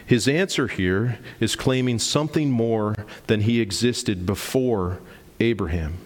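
A man's voice: fairly low pitch, unhurried, in a large hall. A man in his forties preaching a sermon, emphatic and explanatory, posing rhetorical questions to the congregation. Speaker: pastor.

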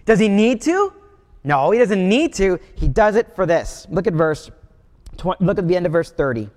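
A man's voice: high-pitched, very animated, moderate pace, darkish tone, big-room sound. A man giving a sermon as pastor, preaching in a conversational, storytelling way.

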